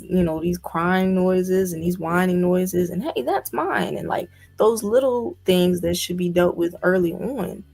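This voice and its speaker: A woman's voice: mid-range voice, darkish tone. A woman guest in a casual discussion, talking emphatically with indignant rhetorical questions. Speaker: guest commentator.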